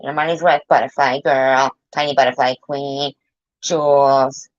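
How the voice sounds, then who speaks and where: Slow, scolding woman commentator. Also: rumbling low, little pitch movement, no room sound, lo-fi sound. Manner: scolding, heavy cursing and insults. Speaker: reaction commentator. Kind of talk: angry reaction commentary.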